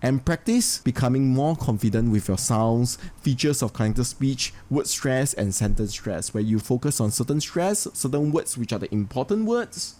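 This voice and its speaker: A male English teacher with a Singaporean English accent, explaining a lesson step by step and saying example sentences slowly with stress. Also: medium pitch, warm tone. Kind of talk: instructional lesson.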